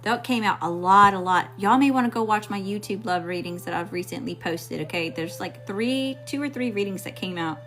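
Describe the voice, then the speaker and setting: A woman with a Mississippi drawl deals out tarot cards and talks straight to her viewers, sassy and blunt, cussing freely and never sugarcoating. Faint music plays softly behind her voice. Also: mid-range voice, fairly quick, few pauses. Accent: Mississippi Southern US. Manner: sassy, blunt, profane, animated. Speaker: tarot reader. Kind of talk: casual tarot reading to viewers.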